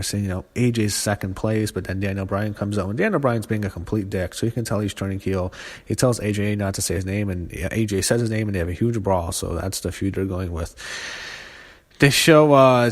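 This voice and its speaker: An angry man with a low-pitched voice rants through a casual wrestling review, swearing hard and stumbling over fillers and restarts. His voice trails off into a long reverb, as if he is in a large, echoing hall. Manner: angry profane ranting; halting, full of fillers and restarts.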